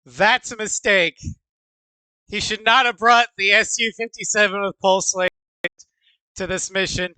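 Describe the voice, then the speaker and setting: A man's voice: high-pitched, fairly even intonation, a little slow, long pauses, sharp tone, smooth, dry recording, rough recording. A man streamer reacting to a video with loose, joking asides. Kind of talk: casual reaction commentary.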